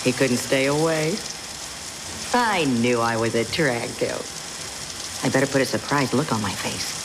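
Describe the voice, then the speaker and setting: A woman's voice: a bass voice, expressive, unhurried, background noise. A woman playing a vain, self-absorbed sitcom character who speaks in a teasing way. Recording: sitcom audio over a loud laugh track. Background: studio audience laughter.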